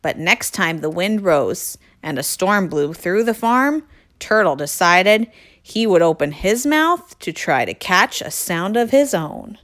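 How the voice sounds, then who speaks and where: Storyteller: woman, slow, very expressive read-aloud for kids. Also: on the low side. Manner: expressive, addresses children directly. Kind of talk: reading a children's picture book aloud.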